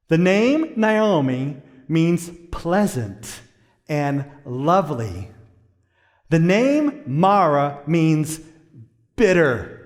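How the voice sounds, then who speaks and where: Slow, animated male pastor preaching. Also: fairly high pitch. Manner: builds from quiet to loud emphasis, asks the congregation questions. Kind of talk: sermon. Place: church sanctuary. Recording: long church reverb.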